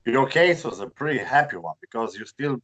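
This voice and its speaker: A man from Romania with a Romanian accent, telling a personal story in a halting, chatty way with many repeated words. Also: mid-range voice, lively intonation, fairly bright tone, rough recording. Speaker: guest, bus collector. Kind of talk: casual storytelling.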